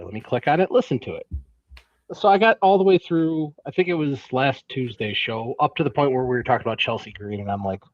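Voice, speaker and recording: A man's voice: mid-range voice, no room sound. A man co-hosting a podcast in casual banter, laughing often and poking fun at himself. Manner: laughs often, self-deprecating. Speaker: podcast co-host. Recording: dry, dull lo-fi sound.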